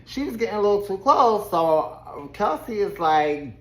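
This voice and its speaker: A woman's voice: medium pitch, normal speed, few pauses. Sassy woman recapping with roomy echo. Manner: sassy, expressive storyteller who laughs often. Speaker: reality TV recap YouTuber. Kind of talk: casual episode recap with commentary.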